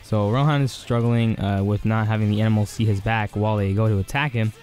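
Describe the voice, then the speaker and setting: Low-voiced man rambling through an anime recap. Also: steady tone, a little fast, darkish tone, faint music behind. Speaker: anime reviewer, channel host. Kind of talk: casual episode review.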